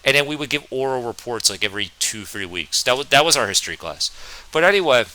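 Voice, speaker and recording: A young man from New Jersey telling a storytime vlog, with a halting, stammering, self-deprecating manner. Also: mid-range voice, lively intonation, bright, forceful tone, poor audio. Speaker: vlogger.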